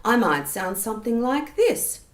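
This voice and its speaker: A woman singing teacher explaining vocal technique patiently and clearly, often checking in with the listener. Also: a little high, big pitch swings, a little slow. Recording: roomy echo.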